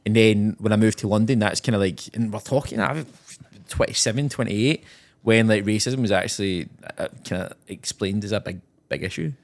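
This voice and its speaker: A Scottish man in his thirties, a guest on a podcast, talking casually and haltingly with many restarts. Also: fairly low pitch. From Scotland. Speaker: guest, actor.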